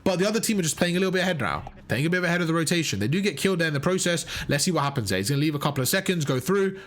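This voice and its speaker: A man's voice: fairly high pitch, expressive, rapid-fire. A man coaching viewers through match footage, emphatic and often checking in with "right?" and "okay?". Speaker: competitive gaming coach.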